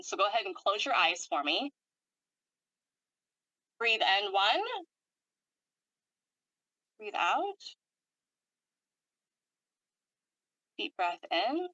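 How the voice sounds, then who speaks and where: Woman energy healer leading a guided clearing; bright, steady, instructive; dry video-call sound. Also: medium pitch, dry recording, rough recording. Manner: calm, steady, instructive, recites long lists of commands. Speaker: energy worker and channeler.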